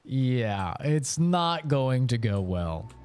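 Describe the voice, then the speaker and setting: A young man talks casually on a game stream in a frank, rambling way and swears freely. His pitch swings widely as he goes. Faint game music sits behind him. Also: big pitch swings, drawn-out words, darkish tone. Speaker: gaming streamer. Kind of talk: casual live-stream chat.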